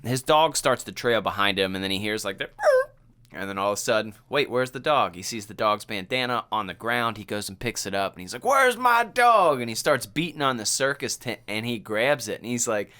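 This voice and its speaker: A man co-hosting a podcast, retelling a film in animated, casual chat full of fillers. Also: fairly low pitch, a little fast, smooth. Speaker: podcast co-host.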